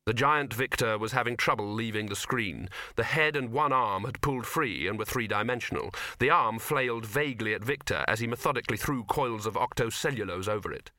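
Steady and measured, a man with a voice of medium pitch narrates a scripted audiobook. It's a clean studio recording without any room sound.

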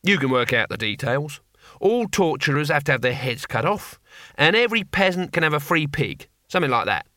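A man doing a gruff old barbarian. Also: on the high side, very animated, a little fast, bright, forceful tone, no echo, studio quality. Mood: blunt. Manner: gruff, plain-spoken, rambling. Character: ancient weary barbarian man, blunt and coarse.

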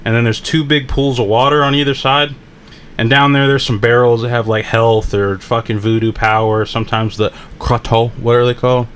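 A man co-hosting a podcast in casual, profane chat, talking with animated frustration. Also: mid-range voice, moderate pace, slight background noise. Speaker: podcast co-host.

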